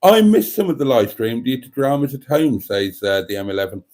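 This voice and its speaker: A man's voice: medium pitch, big pitch swings, a little fast, a little mellow. A man hosting a casual live stream, rambling through a story and reading out viewer comments.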